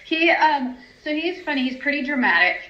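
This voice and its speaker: A woman's voice: high voice, animated, moderate pace. A chatty woman, talking as a horse trainer in a casual interview. She laughs often and fills her speech with ums and restarts. The recording sounds roomy and slightly muffled. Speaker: horse trainer and stallion owner.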